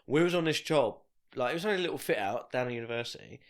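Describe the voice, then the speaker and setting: A man's voice: mid-range voice, expressive, racing. A man co-hosting a podcast, telling rambling, swearing stories over drinks in a pub. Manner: rambling, swears freely, laughs often. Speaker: podcast co-host. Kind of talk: casual pub chat.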